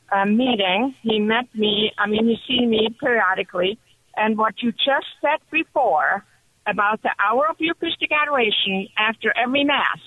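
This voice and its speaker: A woman calling in to a radio show, telling her story in an excited, chatty way. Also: a little high, no echo. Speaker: caller. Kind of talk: call-in radio testimony. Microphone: telephone. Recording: muffled phone line.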